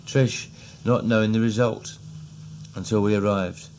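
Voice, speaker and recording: A man with a Cockney accent, slowly and fondly recounting old memories in a recorded diary. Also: fairly low pitch, steady tone, a little mellow, slight background noise. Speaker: narrator.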